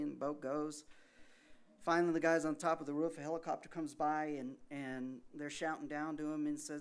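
A man preaching a sermon in a conversational way, asking rhetorical questions and swinging between soft asides and loud emphasis. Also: on the high side, flat delivery, normal speed, clear, resonant tone. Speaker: pastor.

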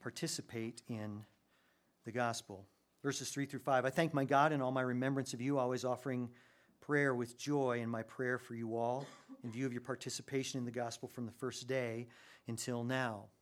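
Animated man preaching a sermon. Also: medium pitch, moderate pace. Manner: animated, rises sharply when excited. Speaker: pastor.

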